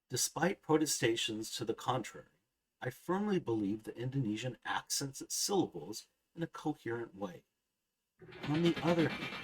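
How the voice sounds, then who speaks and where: Measured husky male grammar narrator. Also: mid-range voice, rough recording. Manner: measured, precise, enunciates example words slowly. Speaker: language teacher. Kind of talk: scripted grammar lesson narration.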